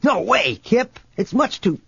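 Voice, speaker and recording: A man voicing a brash, roguish starship captain who teases his young friend in a gruff tone, in a storybook reading. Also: lowish voice, animated, normal speed, no room sound, highs cut off, exaggerated voice. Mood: alarmed.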